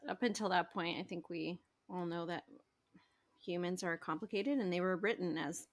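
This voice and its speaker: A woman's voice: on the low side, normal speed. A woman co-hosting a podcast, chiming in casually with questions and short agreements. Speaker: podcast co-host. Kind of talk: casual conversational chat.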